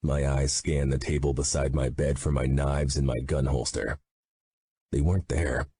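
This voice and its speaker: A man narrating an audiobook in first person, gruff and blunt, swearing freely. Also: extremely low pitch, steady tone, a little slow, warm tone, no echo.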